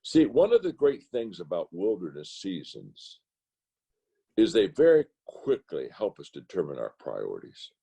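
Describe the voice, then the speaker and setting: An older man, a pastor, telling stories in a roundtable talk, his voice climbing high into emphatic rants and dropping low again. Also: wildly swooping pitch, a little slow, gravelly, warm tone, breathy edge. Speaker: pastor speaker. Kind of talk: roundtable talk, preacherly storytelling. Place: video call.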